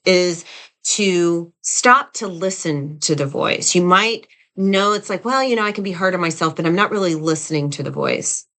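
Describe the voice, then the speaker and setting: A woman's voice: on the low side, fairly bright tone. A woman leadership coach teaching to camera in a conversational way, repeating phrases and tagging sentences with "right?" and "you know". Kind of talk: direct-to-camera teaching talk.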